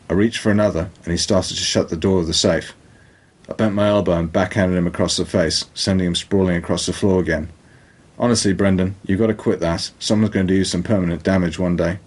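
Deep-voiced British male narrator. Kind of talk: audiobook narration.

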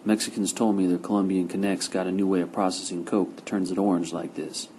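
A man's voice: low-pitched, little pitch movement, brisk, warm tone, a little hiss or hum, natural voice. A man reading the lines of a menacing, heavyset male crime boss who growls threats and curses.

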